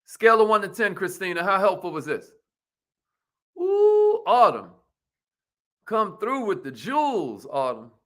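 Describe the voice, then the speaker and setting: A man hosting a live stream about business networking, reading out viewers' comments by name, repeating his phrases and leading affirmations with lively energy. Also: high voice, measured pace, long pauses.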